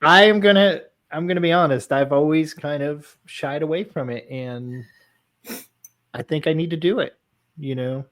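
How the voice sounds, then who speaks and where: A male host with a somewhat high voice talks casually with his guest. He speaks candidly and hesitates a little as he makes his point. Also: normal speed, fairly bright tone. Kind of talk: casual conversation.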